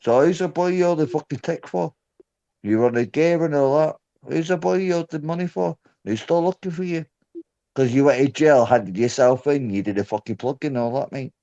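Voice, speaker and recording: A man's voice: a little high, brisk, vocal fry, mellow. Aggressive Scottish man, lo-fi audio. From Scotland. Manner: aggressive, swearing, threatening. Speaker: podcast guest. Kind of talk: heated argument on a podcast.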